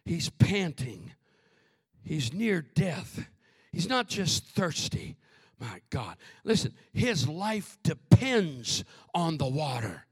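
A man preaching a fervent sermon to his congregation, swinging from booming shouts to soft asides and calling out to the crowd. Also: sing-song, slow, husky, dry recording, studio quality. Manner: calls out to the congregation.

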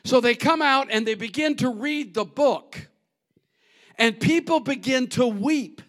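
A male pastor delivers a sermon in church with an unusually high voice. He speaks slowly and deliberately. He drops to quiet asides, then rises into loud, shouted declarations. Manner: preaching with swings from soft asides to loud shouted bursts.

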